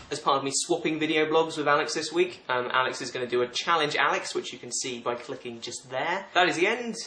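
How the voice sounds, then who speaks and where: Young British male vlogger, deadpan and sarcastic, brisk, echoey room. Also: medium pitch. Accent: British English. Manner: sarcastic, deadpan asides, frequent laughing. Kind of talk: casual comic vlog, reading aloud and commenting.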